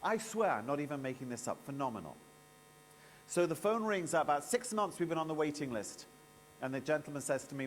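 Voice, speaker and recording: Guy hosting a live conference, spinning a big story, kinda high voice, little hum. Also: fairly quick, big-room sound. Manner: animated, theatrical storyteller. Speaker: event emcee. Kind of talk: storytelling speech to a live audience.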